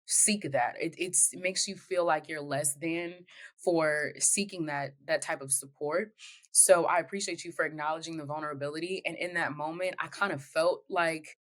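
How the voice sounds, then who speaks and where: A woman's voice: lowish voice, fairly even intonation, normal speed, a bit bright. An American woman who is a podcast guest, telling her personal story in an interview in an earnest, heartfelt and candid way. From United States.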